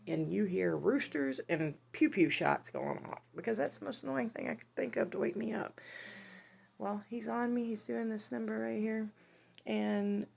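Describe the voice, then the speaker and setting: A woman telling a funny personal story in a casual, animated way, often laughing. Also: medium pitch, gravelly, slightly rough. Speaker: vlogger.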